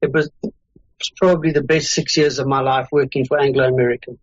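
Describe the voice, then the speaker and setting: A man's voice: medium pitch, fairly even intonation, fairly quick, dry recording. A middle-aged man with a South African accent, a guest chatting in a casual, easygoing and rambling way in an interview. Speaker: guest, consultant. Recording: dull lo-fi audio.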